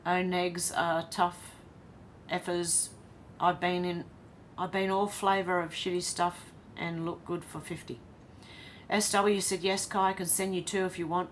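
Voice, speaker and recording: A woman's voice: lowish voice, slight background noise. An Australian woman hosting a casual live stream. She reads viewer comments aloud and chats back to them.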